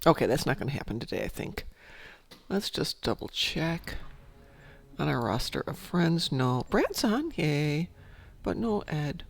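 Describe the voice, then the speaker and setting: A man's voice: on the high side, animated, unhurried, creaky. A man hosting a casual gameplay stream, just woken up and rambling as he thinks aloud. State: sleepy, just woke up. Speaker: gaming channel host.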